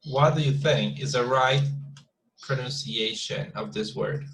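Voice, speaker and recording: Male teacher on a video call, mid pitch, halting and repetitive. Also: a bit bright, low-quality recording. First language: Spanish. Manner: hesitant, many repeated words and fillers. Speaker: English teacher. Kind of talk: online class instruction.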